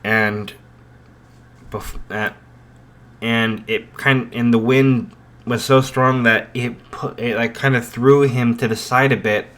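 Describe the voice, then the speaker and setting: A man improvising a story aloud, unhurried, with frequent fillers and restarts. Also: mid-range voice, fairly even intonation, a bit bright.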